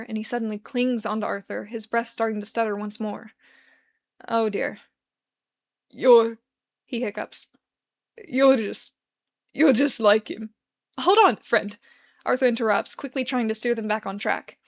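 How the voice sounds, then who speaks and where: Woman reading a story aloud, higher voice. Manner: expressive, measured narration. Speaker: fanfic reader.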